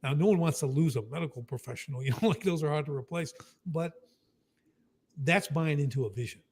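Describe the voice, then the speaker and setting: A husky man with a fairly high voice explains how a company works in a loose, emphatic way. He often checks in with "right?" and slips into quick bits of acted-out talk. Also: a little mellow. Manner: emphatic, keeps adding "right?", acts out quick dialogue. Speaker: business coach.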